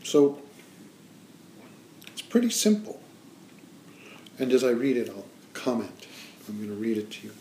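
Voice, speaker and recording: A man leading an informal meditation talk, speaking in a relaxed, hesitant way with frequent pauses. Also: medium pitch. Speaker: meditation teacher. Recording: echoey room with faint noise.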